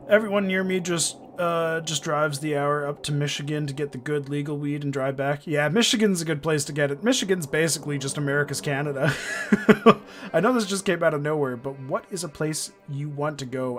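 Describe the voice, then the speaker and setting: A man's voice: fairly high pitch, fairly bright tone. A man from Indiana chatting casually over a game playthrough, rambling and joking with frequent swearing. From Indiana, USA. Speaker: gaming streamer. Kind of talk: casual let's-play commentary.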